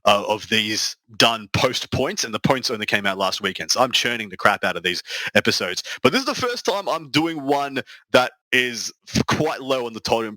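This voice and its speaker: An Australian man hosts a casual podcast, talking fast and loose with frequent restarts and easy laughter. His voice is bright and forceful, and the sound is dry and close to the mic. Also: medium pitch, dry recording, low-quality recording. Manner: chatty, laughing, many restarts. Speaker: podcast host.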